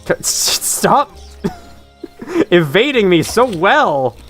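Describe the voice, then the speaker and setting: A man's voice: high voice, big pitch swings, very slow, a bit bright. A young man chatting and laughing while playing a game live, talking to the creatures on screen. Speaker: streamer. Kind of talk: live gameplay commentary. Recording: faint music in background.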